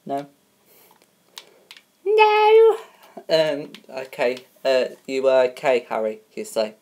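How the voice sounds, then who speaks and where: A woman hosts a homemade mock TV show in a casual, unpolished way. Her voice sits very low, and she talks slowly. She hesitates constantly, filling gaps with ums and uhs and tripping over names. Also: a little mellow. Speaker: host of a homemade spoof show.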